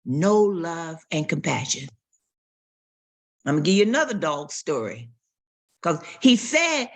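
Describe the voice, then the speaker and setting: A woman's voice: on the high side, big pitch swings, measured pace, husky. A woman pastor preaching a sermon, telling stories and acting out quotes and barking sounds.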